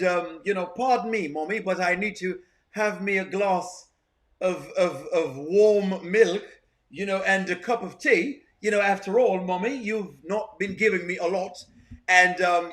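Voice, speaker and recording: A man's voice: sits high, very animated, slow, bright, forceful tone, heavily acted. A man voicing a snobbish little boy who puts on a fancy, affected way of talking to look down on his mother. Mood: haughty. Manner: prissy, affected fancy talk.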